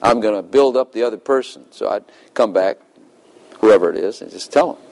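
A man's voice: on the low side, fairly quick, creaky, darkish tone, poor audio. A middle-aged man giving a conversational sermon, laughing often and acting out little dialogues with God. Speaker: preacher.

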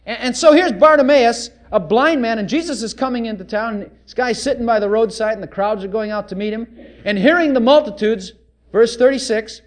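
A male preacher delivering a sermon, animated and full of rhetorical questions. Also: high voice.

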